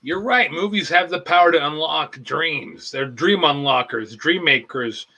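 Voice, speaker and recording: A man's voice: fairly high pitch, measured pace, bright, forceful tone, full character voice, low-quality recording. A man in an improv comedy show playing a pompous self-help guru who hosts and rambles in mock-profound phrases.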